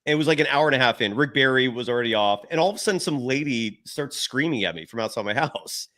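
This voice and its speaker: A man hosting a live postgame basketball talk show from his home, an animated storyteller who acts out quotes. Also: mid-range voice, fast. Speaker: show host.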